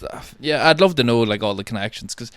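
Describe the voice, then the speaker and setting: A man's voice: medium pitch, animated, fast talker, clear, resonant tone, dry recording. Male podcast co-host, casual and rambling, swears freely, dry close-miked sound. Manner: rambling, trails off, quotes scenes, swears casually.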